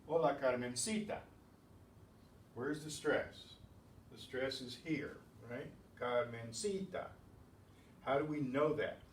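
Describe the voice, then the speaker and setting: A man's voice: medium pitch, unhurried. A man teaching a beginners' language class, explaining patiently and answering his own questions. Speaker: Spanish teacher. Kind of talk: classroom lesson. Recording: echoey room, distant mic, faint noise.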